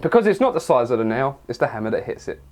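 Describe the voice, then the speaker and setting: A man's voice: mid-range voice, very animated, quick pace, a little mellow. A young English man answering viewer questions in a casual vlog, rambling and crude with lots of jokes. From England. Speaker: fitness vlogger.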